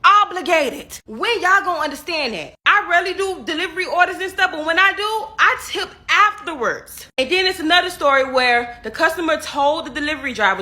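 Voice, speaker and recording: A woman's voice: high-pitched, animated, a little fast, hardly any pauses, bright, forceful tone. A woman giving an exasperated, scolding opinion rant with a sarcastic edge.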